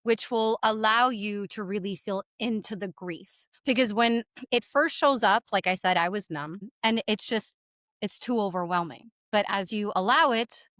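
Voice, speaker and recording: A woman's voice: mid-range voice, moderate pace, fairly bright tone, dry recording, clean studio sound. A woman coach co-hosting a podcast conversation, talking frankly and reassuringly and laughing easily.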